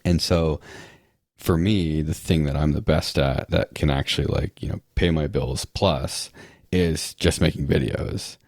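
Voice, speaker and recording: Man, very deep voice, dry close sound, rambling podcast guest, sarcastic asides. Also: steady tone, measured pace, a little mellow, dry recording. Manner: rambling, full of restarts and "like". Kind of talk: casual interview chat.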